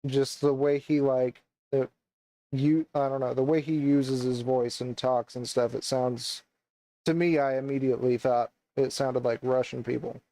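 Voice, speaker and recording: A man's voice: mid-range voice, little pitch movement, normal speed, mellow, dry recording, rough recording. A young man co-hosting a casual chat, rambling and hesitant with many fillers and restarts. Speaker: podcast co-host.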